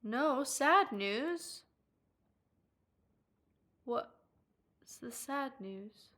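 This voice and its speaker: A young Irish woman talks casually to her live-stream audience in a bright, forward voice. She giggles often and swears freely. When something delights her, she breaks into excited squeals. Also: high voice, extremely slow. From Ireland. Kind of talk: casual chat, reading live chat.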